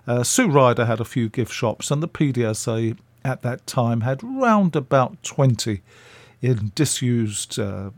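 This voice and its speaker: A man's voice: mid-range voice, a little mellow, dry recording. Older English man telling stories. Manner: chatty anecdotes with fillers. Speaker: guest. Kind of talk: telling stories in a radio interview.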